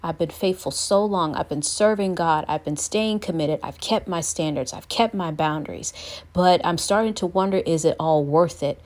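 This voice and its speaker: A woman's voice: on the low side, a little mellow. A young woman giving an earnest Christian devotional talk, sometimes acting out the voices she quotes. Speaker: Christian speaker.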